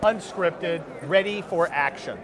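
A man hosting a podcast outdoors at a busy event, joking loudly and calling out to people walking by. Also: sits high, slow. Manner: loud, joking, calls out to passersby. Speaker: podcast host. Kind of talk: casual chat. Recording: crowd and music behind. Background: crowd and music.

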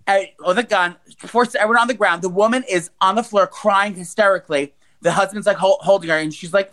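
A woman in her forties co-hosting a casual podcast, retelling wild news stories in a blunt, profane, animated way. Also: lowish voice, quick pace, hardly any pauses. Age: 40s. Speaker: podcast co-host.

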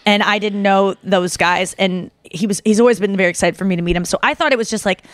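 A young adult woman hosting a podcast, telling a story casually and excitedly, with lots of "like" and acted-out quotes. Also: medium pitch, quick pace, no echo. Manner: animated, excitable, heavy use of "like"; acts out quoted voices. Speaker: podcast host.

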